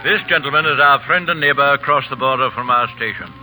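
An actor playing a stern, authoritative older British colonel with clipped speech, in 1940s radio acting style. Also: male voice, medium pitch, quick pace, bright, forceful tone, soft background music, low-quality recording. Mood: formal.

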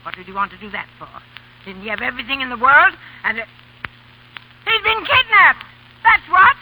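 A man's voice: high-pitched, fast talker, pushed and bright, full character voice, low-quality recording. A man voicing an imperious, bossy rich grandmother in a 1930s radio play, snappish and scolding. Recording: hissy old radio broadcast.

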